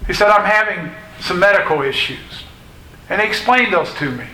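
A man preaching a sermon in a slow, deliberate way, pausing between phrases. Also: high-pitched, lively intonation, bright, forceful tone, low-quality recording. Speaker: pastor.

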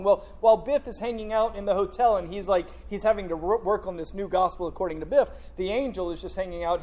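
Mellow-voiced preacher telling a joking story. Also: medium pitch. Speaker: pastor. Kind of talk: sermon. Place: church in front of a congregation.

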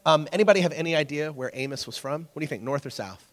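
Joking pastor in a reverberant hall. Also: male voice, fairly high pitch, rapid-fire. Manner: conversational, asks the audience questions, joking. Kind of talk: casual teaching sermon.

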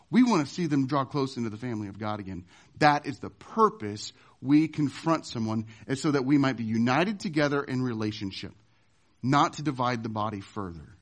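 A man preaching a sermon as pastor, emphatic, swinging from loud to hushed. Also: on the high side.

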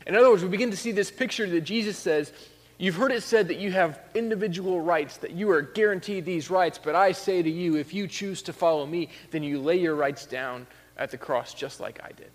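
A pastor giving a conversational sermon that rises to emphatic peaks. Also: male voice, high voice, fairly quick, big-room sound.

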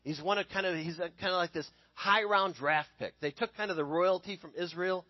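A young man tells a Bible story in an easy, chatty sermon, often pausing to ask his listeners "okay?" His voice sits a little high for a man. The sound is close and dry, with almost no room echo. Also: bright, forceful tone. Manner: conversational, checks in with listeners with "okay?". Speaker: preacher.

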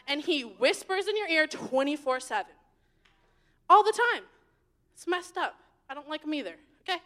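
A young woman giving an informal sermon to young people, chatty and animated, swinging between loud and hushed. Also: very high voice. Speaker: youth leader giving a message.

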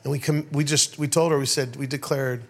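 A middle-aged pastor giving a sermon, telling stories in an animated way and calling out to his congregation. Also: medium pitch, brisk, vocal fry. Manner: animated storyteller, rhetorical calls to the crowd. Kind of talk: sermon with storytelling.

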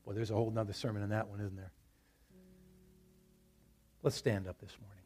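A man's voice: fairly low pitch, flat delivery, a little fast, darkish tone, soft background music. A male pastor preaching a sermon at a church service, talking to the congregation in a conversational way and telling stories between scripture quotes.

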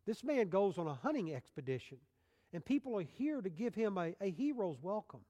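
A man voicing a bitter, weary retired male missionary in a lightly hushed, plain retelling voice. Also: sits high, very animated, fairly quick, voice pushed up. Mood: aggrieved. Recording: long hall reverb.

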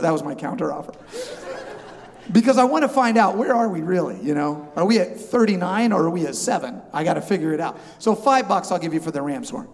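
A man delivers a humorous sermon as a pastor, acting out a haggle with lively back-and-forth voices. His voice sits slightly high. The sound carries a long reverb, as in a large church. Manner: animated, acts out both sides of a haggle.

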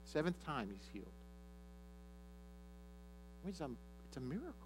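A man preaching a sermon, retelling a story and acting out the characters' lines. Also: a little high. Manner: animated, acts out characters' lines. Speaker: pastor.

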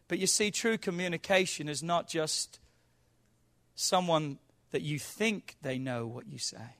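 A man with a high-pitched voice preaching a sermon. His delivery is animated and he acts out quoted arguments, at times climbing to a shout. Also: a little slow, creaky. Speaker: pastor.

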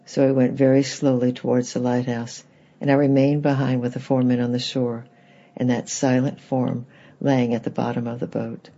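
A man reading a children's book aloud in gentle, plain storybook narration, with a husky, gravelly voice. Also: mid-range voice, flat delivery, moderate pace, dull audio.

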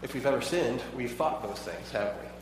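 A man's voice: medium pitch, fairly quick, slight background noise. A pastor preaching a sermon in a conversational way, asking his listeners many rhetorical questions. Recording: echoey hall, voice from far off.

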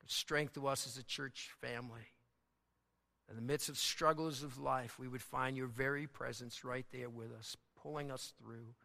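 A male pastor delivering a sermon in a church, building to loud, emphatic peaks and dropping low and soft for prayer. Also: creaky. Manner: dynamic preaching, swells loud and high for emphasis. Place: church sanctuary. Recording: long hall reverb.

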